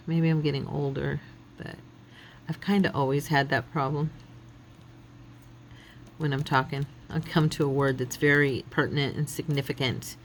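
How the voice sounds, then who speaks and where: A woman's voice: deep voice, a little hiss or hum. A middle-aged woman hosting a craft channel, chatting casually and thinking aloud as she works, often laughing. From United States.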